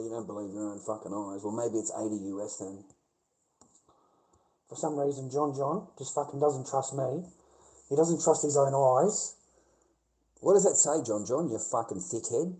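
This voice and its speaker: A man's voice: medium pitch, warm tone, low-quality recording. A middle-aged man with an Australian accent, chatting casually on a livestream, blunt and heavy on swearing as he rants back at his viewers.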